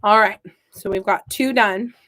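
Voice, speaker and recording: A woman's voice: medium pitch, unhurried, a bit bright. Chatty Midwestern woman, rambling. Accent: Midwestern American. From American Midwest. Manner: chatty, rambling, self-mocking. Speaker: gardening vlogger. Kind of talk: casual chat while working.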